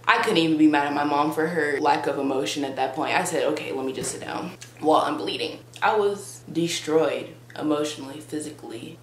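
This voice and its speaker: Young woman, vlogger, comic storytime, sarcastic and overdramatic, echoey room, faint hum. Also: low voice. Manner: dramatic, sarcastic, exaggerated storytelling.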